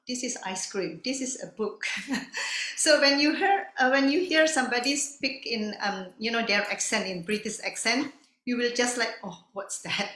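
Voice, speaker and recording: Bright-voiced woman in her fifties, echoey. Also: medium pitch. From Indonesia. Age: 50s. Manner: animated storytelling with frequent laughs. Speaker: guest ballet teacher. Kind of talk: online panel talk, personal story. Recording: echoey room.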